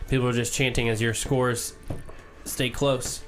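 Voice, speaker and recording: A man narrating as game master, relaxed and loose with lots of fillers. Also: medium pitch, measured pace. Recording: faint background music.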